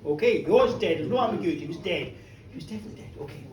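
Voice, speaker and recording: A middle-aged woman telling a comic folk tale live, cheeky and animated, chatting with her audience. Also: on the low side, racing, lo-fi sound. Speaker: storyteller. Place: pub bar, live show. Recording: roomy pub, from a distance, faint room noise.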